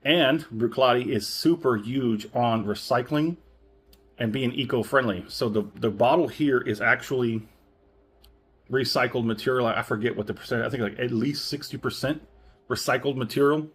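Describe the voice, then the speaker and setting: A man's voice: medium pitch, moderate pace, slightly rough. Rambling, chatty male whisky reviewer. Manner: rambling, chatty, self-correcting, chuckles often. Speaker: spirits reviewer. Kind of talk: casual product review.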